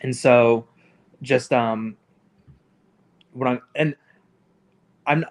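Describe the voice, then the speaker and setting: A man co-hosts a relaxed live stream chat over a call mic, his voice sitting at an ordinary middle pitch. He rambles along and fills his sentences with "like" and "um.". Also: extremely slow. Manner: rambling, heavy on fillers like "like" and "um". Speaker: co-host. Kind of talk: casual livestream chat.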